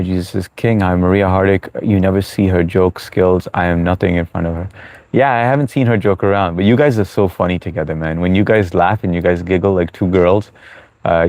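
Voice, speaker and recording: A man's voice: sits low, darkish tone, no room sound. A man hosting a live stream in casual chat, reading viewer comments aloud and chatting with them in a laid-back, friendly way.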